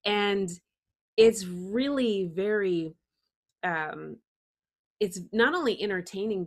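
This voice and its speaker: A woman hosting an interview show, who talks in an enthusiastic, effusive way. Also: mid-range voice. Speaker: podcast host.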